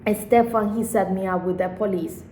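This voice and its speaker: A woman's voice: mid-range voice, fairly even intonation, normal speed, mellow. A woman vlogger telling a personal story in a rambling, emotional way with frequent swearing. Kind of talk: casual storytime monologue. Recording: echoey room with faint background noise.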